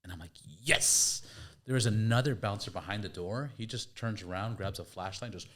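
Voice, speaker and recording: A low-voiced man hosts a podcast in an easy, chatty way. He tells his own story and jumps into sound effects and other people's lines as he goes. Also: fast talker. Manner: lively, acts out sounds and quotes. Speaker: podcast host. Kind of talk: casual storytelling.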